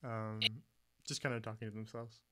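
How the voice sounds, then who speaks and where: A man narrating as game master of a tabletop game, relaxed and chuckling, with many pauses. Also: fairly low pitch, very noisy.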